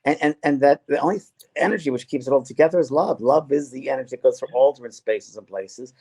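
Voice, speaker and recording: A man's voice: mid-range voice, mellow, breathy edge. A man hosting a casual spiritual chat as a medium, talking earnestly with frequent restarts. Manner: earnest, halting with many restarts. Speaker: medium and host.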